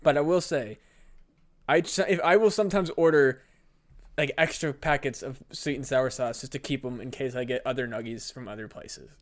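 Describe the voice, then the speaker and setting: A man's voice: mid-range voice, normal speed. A man co-hosting a comedy podcast in casual chat, hedging his claims, cursing and poking fun at himself. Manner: hedging, profane, self-deprecating. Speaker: podcast co-host.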